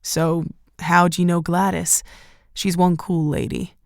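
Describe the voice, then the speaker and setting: A woman narrator voicing a confident young man with a faint American accent, smooth and easygoing. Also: fairly low pitch, little pitch movement, measured pace, a little mellow, no echo, clean studio sound. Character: confident male American parachutist, smooth and cocky.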